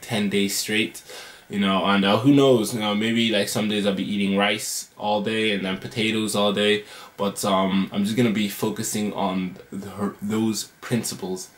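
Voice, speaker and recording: A man talking casually to camera in a vlog, hesitating often with ums and restarts, and later filming in his kitchen. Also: lowish voice. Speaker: vlogger. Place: home kitchen. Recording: roomy kitchen with guitar music behind.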